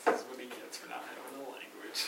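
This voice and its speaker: A man's voice: medium pitch, monotone, fast talker, vocal fry. Joking man at a game table, heavy noise. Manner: chatty banter and jokes. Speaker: player. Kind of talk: casual tabletop play. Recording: roomy table recording, mic far off, loud noise.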